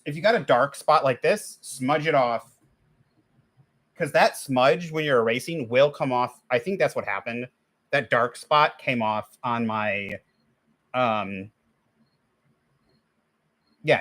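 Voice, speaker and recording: A man's voice: medium pitch, unhurried, long pauses, a bit bright. A man hosting a livestream, chatting casually while he draws and rambling with many restarts. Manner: complains, then gives step-by-step drawing tips. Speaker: livestream host. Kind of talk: casual chat while drawing.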